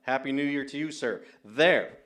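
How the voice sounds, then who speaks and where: A man's voice: medium pitch, moderate pace, crowd noise. A man appearing as a guest on a call-in show, getting defensive and riled by prank callers. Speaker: studio guest.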